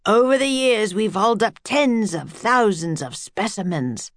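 A woman's voice: mid-range voice, animated, measured pace, no room sound, studio quality, voice pushed up, close to an everyday voice. A woman doing a grand, lecturing old professor. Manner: grand, lecturing, addresses children as "my dear". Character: pompous older male professor, earnest.

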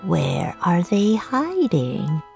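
A woman voicing a cruel half-bird male king with a raspy voice, drawing out his words slowly and mockingly. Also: fairly low pitch, huge pitch swings, darkish tone, faint music behind, exaggerated voice. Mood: menacing. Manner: slow, drawn-out, mocking.

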